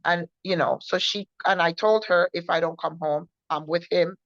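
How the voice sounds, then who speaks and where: A woman's voice: fairly low pitch, fairly even intonation, a bit bright, dry recording. Earnest woman telling her testimony. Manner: earnest, halting, with frequent restarts. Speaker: co-host sharing her testimony. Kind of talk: personal testimony storytelling. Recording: dull, muffled sound.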